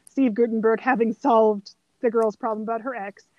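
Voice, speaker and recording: High-voiced woman chatting about a film. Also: moderate pace, lo-fi sound. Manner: animated storyteller, acts out quoted lines. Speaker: podcast co-host. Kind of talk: casual film discussion.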